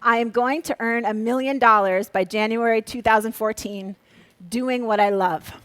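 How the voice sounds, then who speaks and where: A woman from Minnesota giving a lively motivational talk, coaching her audience and calling out to them. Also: on the high side, normal speed, dry recording. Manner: energetic, coaxing, leads the crowd in call-and-response; drops to a hushed, soft voice for a quiet exercise. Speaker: speaker.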